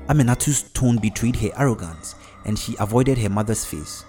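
A man reading a dark story aloud in a dramatic, scripted narration. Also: lowish voice, expressive, brisk, hardly any pauses, faint music behind. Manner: dramatic, acts out every character.

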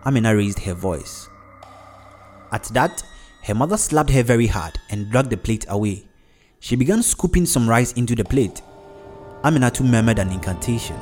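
A man reading a dark story aloud in a dramatic, scripted narration. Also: medium pitch, animated, normal speed, pauses often, faint music behind. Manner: dramatic, acts out every character.

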